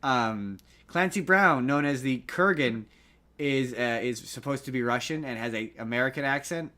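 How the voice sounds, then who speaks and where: This man's medium-pitched voice sounds pushed and bright, moving at a moderate pace. Co-hosting a podcast about films, he chats casually in a rambling, jokey style, often correcting himself.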